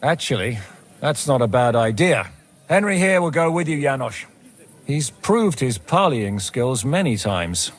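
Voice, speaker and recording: A man's voice: mid-range voice, sing-song, unhurried. An actor playing a decisive male mercenary captain giving orders in a game cutscene.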